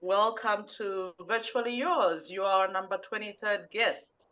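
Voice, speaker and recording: A woman hosting an online interview, playful and quick to laugh, heard over a video call. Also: medium pitch, a bit bright. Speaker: host. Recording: dull lo-fi video call audio.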